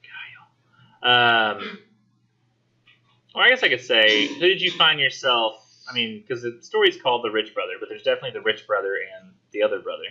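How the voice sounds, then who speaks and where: A man teaching a college English class, talking casually and acting out characters in quick voices. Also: medium pitch, expressive, sharp tone, muffled recording. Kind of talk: classroom discussion lecture.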